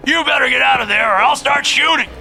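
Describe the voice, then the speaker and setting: Casual: narrator doing a freaked-out gunman yelling curses, high strained gravelly shout. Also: fast, soft background music, heavily acted, poor audio. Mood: furious. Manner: shouting, profane and threatening. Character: panicked armed man, furious and unhinged.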